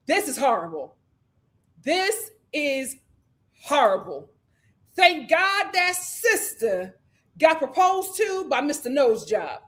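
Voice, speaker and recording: A woman reviewing a reality TV show on a casual live stream, ranting with exasperation and breaking into laughter. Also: high voice.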